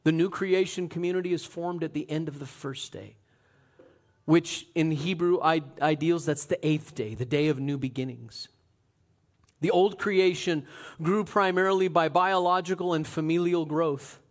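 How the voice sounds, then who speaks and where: High-voiced preacher in a lively sermon. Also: male voice, moderate pace. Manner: animated storytelling, swinging from loud to hushed. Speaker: pastor.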